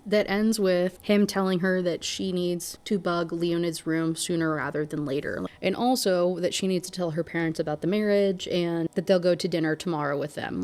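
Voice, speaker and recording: A woman's voice: fairly low pitch, darkish tone. Chatty young woman recapping a book. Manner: chatty, candid, sarcastic asides. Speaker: book reviewer.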